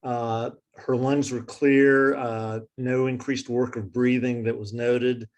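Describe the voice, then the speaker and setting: A man steadily lists physical exam findings in a brisk, matter-of-fact delivery. His voice sits at an ordinary middle pitch. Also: flat delivery, lo-fi sound. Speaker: case presenter. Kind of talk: reading a clinical case aloud.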